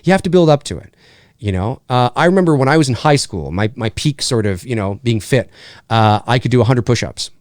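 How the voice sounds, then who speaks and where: Male host, lively pitch, rambling Q&A chat, dry close sound. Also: fairly quick, dry recording. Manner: animated, rambling, repeats himself. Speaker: livestream host answering viewer questions. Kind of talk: casual livestream chat.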